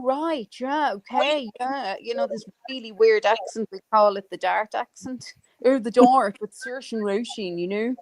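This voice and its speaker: An Irish woman with a fairly high voice hosts a casual live chat, rambling along with plenty of fillers and the occasional swear word. She's on a home microphone for the stream, and there's no echo.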